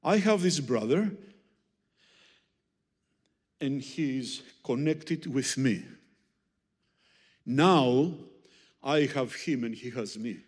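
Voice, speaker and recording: Guy preaching in english, slow and animated, echoey church hall. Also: mid-range voice, slightly rough. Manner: animated, teasing, with audience demonstrations. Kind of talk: sermon with Greek word study. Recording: long hall reverb.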